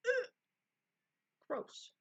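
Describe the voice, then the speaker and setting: A woman's voice: drawn-out words, fairly bright tone, lo-fi sound. A woman streamer chatting casually with her live chat, laughing often and full of exclamations, at a desk mic.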